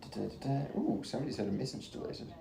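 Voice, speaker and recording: A man's voice: mid-range voice, sing-song, fast talker, vocal fry, echoey room, crowd noise. A young man giving casual, rambling race commentary on a live stream, chatty and swearing freely.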